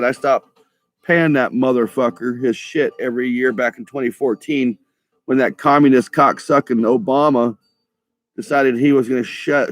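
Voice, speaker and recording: A man ranting in a heated, profane monologue for his vlog, often stumbling over his words and restarting, with a laid-back stoner drawl. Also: medium pitch. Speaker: vlogger.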